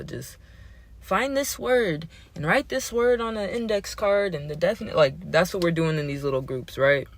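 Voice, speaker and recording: A man hosting a casual show, telling a story in an animated, slangy, profane way, often laughing. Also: fairly high pitch. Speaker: host.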